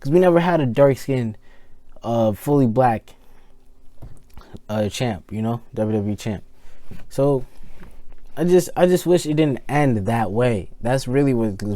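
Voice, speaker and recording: A young man ranting casually about a wrestling show, rambling and animated, full of fillers and repeated words. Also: mid-range voice, a little slow, pauses often, no room sound. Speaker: wrestling review vlogger. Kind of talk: casual rant to camera.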